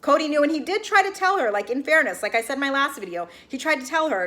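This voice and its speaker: A woman's voice: high voice, sing-song, a little fast, few pauses, fairly bright tone. Chatty woman recapping a reality show. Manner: chatty, acts out quotes from the show, frequent "like" and "you guys". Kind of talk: casual recap commentary.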